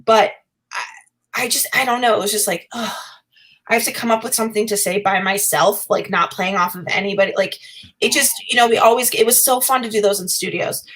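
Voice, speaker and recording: A woman's voice: mid-range voice, brisk, fairly bright tone, poor audio. A young woman, a podcast guest, chatting casually, rambling and laughing often as she talks in circles.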